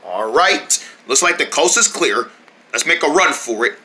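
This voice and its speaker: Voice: mid-range voice, animated, measured pace, sharp tone, a little hiss or hum. A performer doing a chatty heroic squirrel. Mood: playful. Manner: chatty, rambling, playful. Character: excitable heroic squirrel, big brother type.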